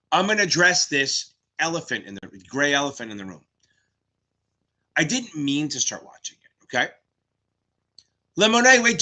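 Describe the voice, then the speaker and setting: A man in his fifties hosting a live exam Q&A stream, talking fast, cursing and rambling. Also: medium pitch, pushed and bright. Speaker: exam tutor, stream host.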